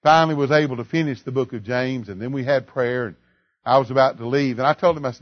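A man preaching a sermon, telling a story and then building up to emphatic, slow lines of scripture. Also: medium pitch, no echo, muffled recording.

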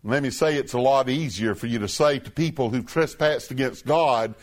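A man preaching a sermon, emphatic and deliberate, repeating phrases as his voice swells and drops. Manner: emphatic, repeating phrases with rising and falling pitch.

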